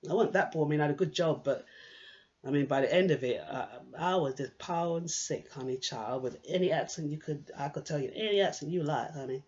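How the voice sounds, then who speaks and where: A woman's voice: low-pitched, fairly quick, darkish tone. Rambling candid woman, muffled recording. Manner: rambling, candid, digressive with many restarts. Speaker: monologue performer. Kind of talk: improvised personal monologue. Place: indoors, sitting on a swivel chair.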